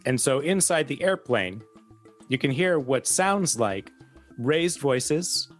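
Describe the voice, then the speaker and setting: A man's voice: mid-range voice, lively intonation, soft background music. Man narrating as game master. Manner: descriptive, halting with fillers.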